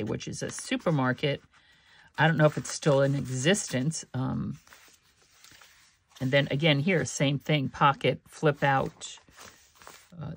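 A woman hosting a crafting channel, chatting casually and meandering through a journal flip-through with soft laughs and many fillers. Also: a bass voice, vocal fry, husky.

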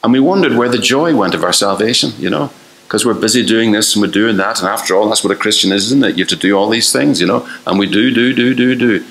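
A man's voice: on the low side, fast, vocal fry, a bit bright, echoey room, low-quality recording. An older man preaching a fervent sermon, asking the listeners one rhetorical question after another and acting out the voices he quotes.

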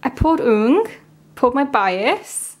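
A woman with a slightly high voice talks slowly and unhurriedly through an unboxing. Her casual commentary rambles and wears its feelings openly. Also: very animated. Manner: chatty, rambling, emotional. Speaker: vlogger.

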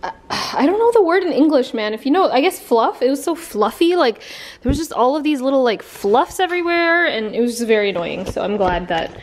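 A woman's voice: high voice, sing-song, a little fast. A woman in her twenties with a Canadian accent, chatting casually to camera at home for her vlog, full of giggles and "like" fillers. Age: 20s. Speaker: vlogger. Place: at home in an apartment.

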